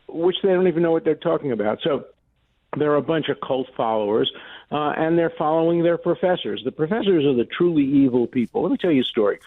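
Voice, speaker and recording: An older man, a law professor guest on a phone-in interview, speaking forcefully and indignantly, with emphatic repetitions. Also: a little high, no room sound. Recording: dry tinny phone line.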